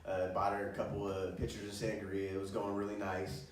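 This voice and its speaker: Male stand-up, crude and animated, laughing through his stories, recorded from a distance in a very echoey room. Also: lowish voice, brisk, a little hiss or hum. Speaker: stand-up comedian. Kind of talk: stand-up storytelling. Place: comedy show room. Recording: roomy echo, distant mic.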